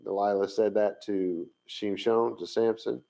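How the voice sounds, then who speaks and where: A man giving an informal teaching talk on camera, thinking aloud with many pauses and fillers as he searches his notes. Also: fairly low pitch, steady tone, gravelly, warm tone, rough recording. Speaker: Bible language teacher.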